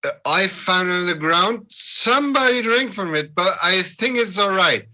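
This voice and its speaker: A man's voice: sits high, expressive, pushed and bright, soft background music, exaggerated voice. A man voicing a dazed, drunken male vampire who stammers and shrugs things off in a tabletop horror game. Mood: offhand. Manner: halting, stammering, offhand.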